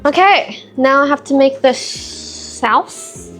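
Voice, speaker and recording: A woman's voice: sits high, slow, a bit bright, soft background music. A woman vlogging casually while cooking in a home kitchen, chatty and self-mocking as she talks to herself. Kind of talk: casual cooking vlog chat.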